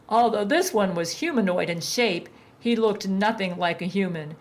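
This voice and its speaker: Woman reading a story out loud, flat deadpan delivery, middle pitch. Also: normal speed, noisy background. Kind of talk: storybook narration.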